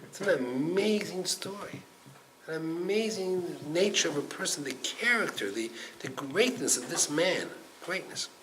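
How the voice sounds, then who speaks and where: A rabbi tells parables to his class, his fairly high voice leaping up in excitement and then dropping low to a near-whisper. He acts out each character as he goes. A faint hum of room noise sits under him. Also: unhurried, rough recording. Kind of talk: animated Torah class storytelling.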